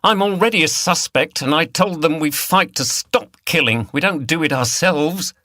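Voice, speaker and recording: A man voicing a fierce, defiant young woman hunt saboteur who shouts and curses. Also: on the low side, measured pace, slightly rough, no echo, studio quality, heavily acted. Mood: furious defiant. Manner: shouting, furious, cursing.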